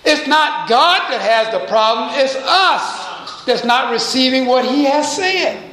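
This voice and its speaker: A man preaching a sermon as pastor, pausing to quiz his congregation with call-and-response questions. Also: extremely high pitch, expressive, bright, forceful tone, echoey room, low-quality recording. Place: church.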